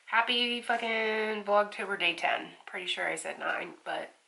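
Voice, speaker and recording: A woman's voice: mid-range voice, unhurried, gravelly, sharp tone. A woman vlogging at home, chatting casually to camera in a rambling, profane, giggly way.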